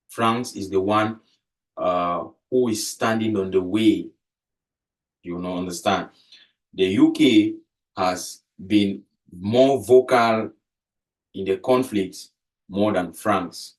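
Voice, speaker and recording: A man's voice: fairly low pitch, far from the mic. A man with a Cameroonian accent giving casual political commentary, stressing points by repeating key phrases.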